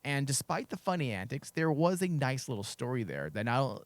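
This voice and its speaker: A man's voice: mid-range voice, sing-song, normal speed, few pauses, no room sound. A man co-hosting a casual podcast discussion who talks frankly, gives strong opinions and makes crude jokes, and is losing his voice. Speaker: podcast co-host.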